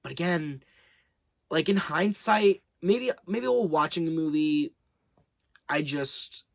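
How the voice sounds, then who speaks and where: A man rambles through a casual movie review at home, his pitch bouncing up and down all the while. He swears freely and keeps circling back on himself. The sound is close and dry, with no room echo. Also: lively intonation, slow pace, gravelly. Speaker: movie review channel host.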